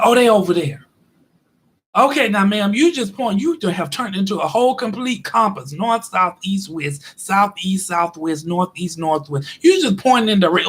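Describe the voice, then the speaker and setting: A man hosting his own show, telling an everyday story as a casual, exasperated rant and acting out both sides of the conversation. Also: high voice. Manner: animated, exasperated, acts out both sides of dialogue. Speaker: show host.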